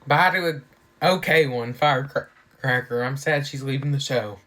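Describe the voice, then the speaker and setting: A speaker reacting to a TV episode in a casual running commentary, excitable and anxious, gasping and shouting at the big moments. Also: mid-range voice, moderate pace. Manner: excitable, gasps and shouts at surprises, keeps saying she's worried. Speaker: TV reaction reviewer.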